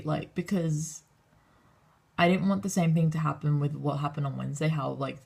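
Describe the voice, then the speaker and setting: A woman's voice: sits low, creaky, darkish tone, husky. A young woman telling a story in a casual vlog, rambling and swearing a lot as she acts out what people said. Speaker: vlogger.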